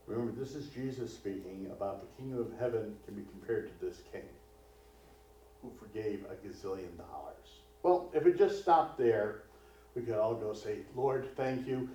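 A male pastor preaches a sermon conversationally, packing it with rhetorical questions. His voice is on the low side, mellow and animated, at a moderate pace. The recording sounds distant, echoey and dull, as if captured in a hall.

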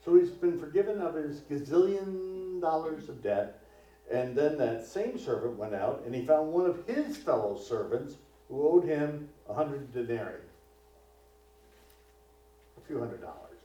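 A man's voice: a little high, lively intonation, unhurried, warm tone. A male pastor preaching a sermon in a conversational way, full of rhetorical questions. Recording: distant, echoey, dull hall recording.

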